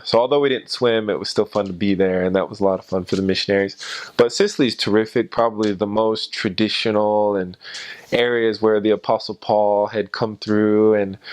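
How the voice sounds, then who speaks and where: Low, smooth-voiced American man. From United States. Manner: halting, many fillers and restarts. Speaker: former missionary. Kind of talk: personal anecdotes in an interview.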